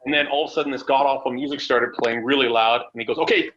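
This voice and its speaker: A bright, forceful man's voice from Canada, telling stories in an animated, casual manner and throwing in plenty of swearing as he acts out old conversations. The audio is dull and lo-fi, with a faint hiss underneath. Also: mid-range voice, fast talker. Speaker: wrestler guest. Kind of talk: casual storytelling interview.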